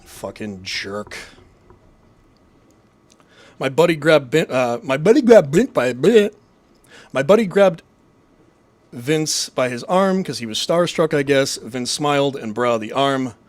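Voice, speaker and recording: A young man hosting a casual live stream, ranting and rambling with constant profanity. His voice sits at a middle pitch. The room is dry and close, with no echo. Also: animated, takes it slowly, long pauses. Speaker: streamer host.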